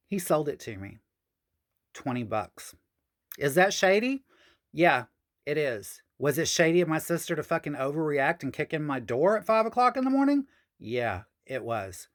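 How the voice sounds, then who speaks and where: A woman telling a personal story on a podcast, frank and profane, with sassy asides. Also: sits low.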